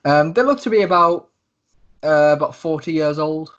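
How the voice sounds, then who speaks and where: A man's voice: fairly high pitch, expressive, moderate pace. A man narrating as game master, hesitant with many fillers, on a dull lo-fi recording. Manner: hesitant, many ums and likes.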